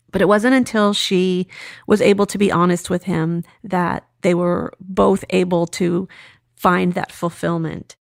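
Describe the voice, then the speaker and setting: Woman therapist lecturer, measured delivery, gravelly tone, dry close sound. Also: mid-range voice, no echo. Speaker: sex therapist. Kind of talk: scripted lecture with case story.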